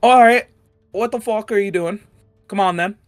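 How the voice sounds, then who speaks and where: A man voicing a short, furious male dwarf foreman who barks gruff, cursing orders. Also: a little high, sing-song, normal speed, faint music behind, voice pushed up. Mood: angry yelling. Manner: yelling, cursing, bossy.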